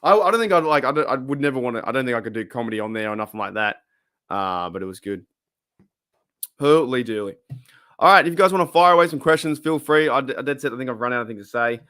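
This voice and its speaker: Australian male stream host, rambling chatty delivery, mid pitch, dry close-miked sound. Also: racing, no room sound. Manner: rambling, chatty, laughs often, lively swings in pitch. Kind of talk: casual live stream chat.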